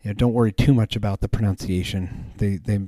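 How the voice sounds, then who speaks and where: Guy with a lowish mellow voice rambling on his podcast, lots of ums, dry sound. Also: fairly even intonation, fast, dry recording. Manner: rambling, many fillers and restarts. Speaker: podcast host. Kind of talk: casual chat.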